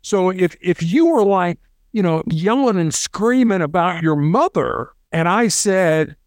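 A man's voice: high voice, unhurried, no echo, clean studio sound. A middle-aged man, a former hostage negotiator, telling stories in an interview and acting out the voices of the people he quotes. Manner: animated, acts out quoted voices, repeats words. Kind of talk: storytelling interview.

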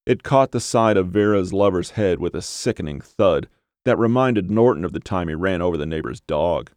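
A man reading a horror story aloud in a measured, steady storytelling manner, on a close microphone. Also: low voice, no echo. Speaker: audiobook narrator. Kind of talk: scripted horror narration.

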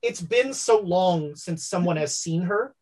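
A woman narrating as game master of a tabletop role-playing game, halting and full of fillers. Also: on the low side, animated, a little mellow.

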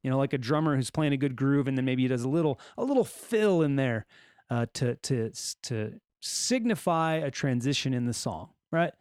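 A man's voice: mid-range voice, lively intonation, moderate pace, a little mellow, clear, resonant tone, no echo, studio quality. A man with a Californian accent hosting a solo podcast, reading odd news stories and tossing in joking asides. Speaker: podcast host.

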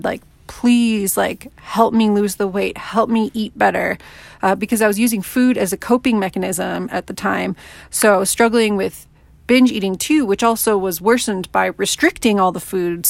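A woman in her thirties hosts her own podcast and speaks candidly and conversationally, leaning on filler words. Her voice has a gravelly fry at a middling pitch. The recording is dry and close. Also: no room sound. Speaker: podcast host. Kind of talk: personal podcast monologue.

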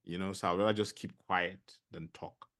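A middle-aged man with a Nigerian accent, a podcast guest telling stories in a casual interview, animated and full of fillers. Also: low voice, normal speed. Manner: animated storyteller, many fillers.

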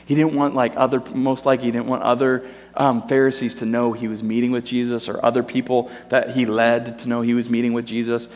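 A man's voice: medium pitch, brisk, few pauses. Man preaching in an echoey hall. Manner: animated storytelling, acts out characters in voices. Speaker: pastor. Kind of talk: sermon. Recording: long reverb of a large hall.

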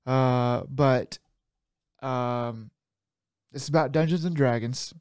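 A man's voice: mid-range voice, slow, a little mellow, smooth, no echo. A man co-hosting a casual podcast over a call, talking in a mid-range voice. He is chatty, laughs easily and gets heated. The sound is dry and close. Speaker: podcast co-host. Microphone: remote call mic.

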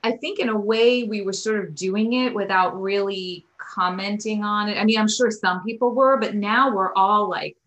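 A woman's voice: mid-range voice, fairly even intonation, moderate pace, few pauses, a bit bright, poor audio. A woman guest on a podcast interview, a yoga teacher telling stories and acting out quotes with animation.

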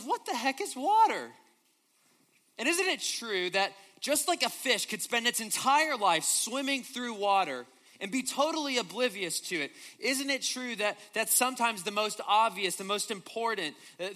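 A young man delivers a sermon, pressing his listeners with rhetorical questions and storytelling. His voice sits high for a man, with a very bright, forceful tone. He speaks in an animated, conversational way. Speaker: preacher.

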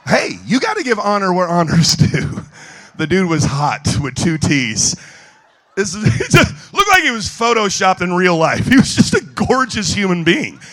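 A male preacher delivering a sermon with comic storytelling, swinging from low murmurs to shouting. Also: big pitch swings, moderate pace.

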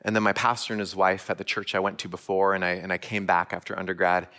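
A man's voice: low-pitched, flat delivery, fast, bright, forceful tone. A man giving a sermon, telling a personal story earnestly and asking the listeners direct questions. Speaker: church speaker.

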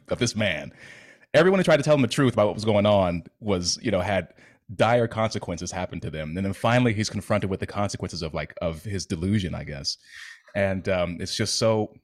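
A male interviewer with a fairly low voice. He speaks haltingly, feeling his way through long questions, and lets emotion show in his talk. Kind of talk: interview conversation.

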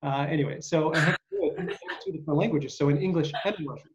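A man's voice: a little high, racing, slight background noise. A man hosting an interview, telling stories in a rambling, hesitant way with many uhs. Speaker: podcast host. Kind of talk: casual interview chat. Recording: dull lo-fi sound.

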